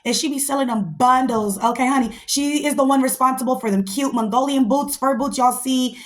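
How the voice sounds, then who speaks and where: A woman's voice: sits high, brisk. A woman hosting a podcast, giving a blunt, profane, fired-up recap of a reality show and talking to listeners as y'all. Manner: slangy, addresses listeners as y'all. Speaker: podcast host.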